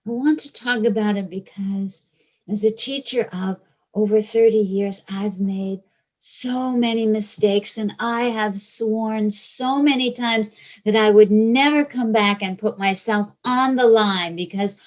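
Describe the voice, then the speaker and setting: Slow, whispery woman with a Georgia accent. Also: mid-range voice, low-quality recording. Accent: Georgia (US South). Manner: soft, drifting often into hushed whispers; long pauses between short phrases. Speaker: spiritual teacher. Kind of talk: slow reflective spiritual talk.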